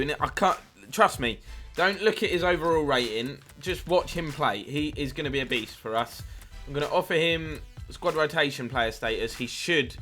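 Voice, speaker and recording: Male gamer, casual play-by-play, bright tone over soft background music. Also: on the high side. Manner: chatty play-by-play, lively at big chances. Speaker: gaming YouTuber. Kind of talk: video game commentary.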